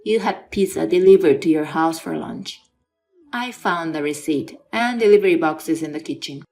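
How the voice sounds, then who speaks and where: A woman's voice: deep voice, normal speed, a little mellow, faint music behind. A woman voicing a stern middle-aged aunt who scolds her nephew firmly. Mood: scolding. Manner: firm, scolding.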